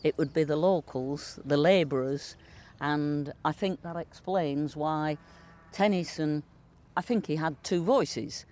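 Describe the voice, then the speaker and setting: A woman's voice: sits low, slow, darkish tone. A woman with a Lincolnshire accent, a dialect speaker chatting in an interview and reading dialect verse with relish. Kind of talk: conversational interview.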